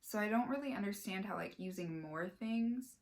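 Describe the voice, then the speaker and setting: A young woman from Sacramento talks to her camera about a shop haul. She rambles in a loose, chatty way, full of "like" and "um", with a voice of ordinary pitch for a woman. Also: moderate pace, darkish tone. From Sacramento, California. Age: young adult. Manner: chatty, rambling, lots of fillers and "like". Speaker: vlogger. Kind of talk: casual haul vlog.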